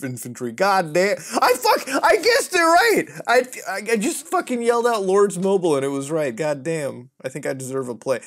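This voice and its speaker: A male gaming host talking through mobile games in a loose, unscripted way. His pitch swings widely as he jumps between mocking asides and loud outbursts, swearing freely and laughing often. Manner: profane, excitable, often laughing. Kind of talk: casual gaming commentary.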